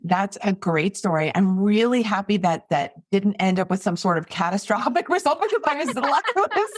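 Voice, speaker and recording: A woman hosting an interview podcast, asking encouraging questions in a warm manner. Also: medium pitch, expressive, normal speed, no echo, clean studio sound. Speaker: podcast host. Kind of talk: casual interview.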